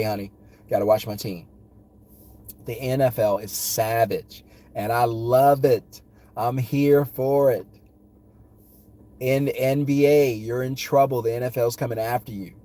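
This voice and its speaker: A man's voice: mid-range voice, dark tone. A man vlogging his opinions on sports, talking in emphatic, punchy, repeated phrases while in a car. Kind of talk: casual opinion rant.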